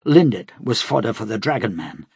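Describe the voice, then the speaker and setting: A man reading an audiobook aloud in a steady, dramatic manner as its narrator. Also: on the low side, normal speed, vocal fry, husky, no echo, studio quality. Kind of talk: scripted narration.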